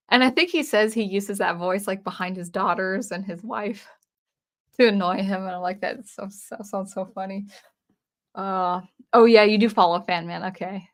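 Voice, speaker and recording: Chatty woman streamer, rambling. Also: medium pitch. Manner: rambling, with many fillers and restarts. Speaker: channel host on a livestream. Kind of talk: casual livestream chat reading viewer comments.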